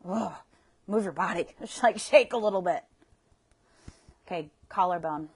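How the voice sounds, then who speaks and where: Slow, low-voiced woman guiding a tapping session. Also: slightly rough. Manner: slow, soothing guidance with audible sighs. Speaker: EFT tapping coach.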